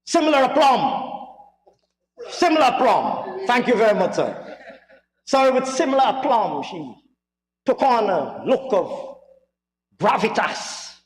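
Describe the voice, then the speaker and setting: A high-voiced man holds the floor in a parliamentary debate, his mocking, theatrical delivery full of repetition for emphasis. The sound bounces around a large, reverberant chamber with a long tail. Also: very animated, slow, pauses often, slight background noise. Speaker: member of parliament. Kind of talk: parliamentary budget debate speech.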